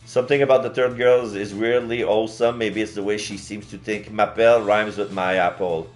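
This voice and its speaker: A man's voice: lowish voice, steady tone, a little fast, few pauses. Brief: male streamer reading a dating game aloud, casual and chatty, faint music under. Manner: chatty, laughing asides. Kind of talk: reading a visual novel aloud.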